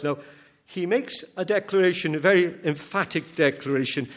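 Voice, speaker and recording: A man preaching a sermon, earnest and emphatic, swelling on key words and often restarting his sentences. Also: high voice.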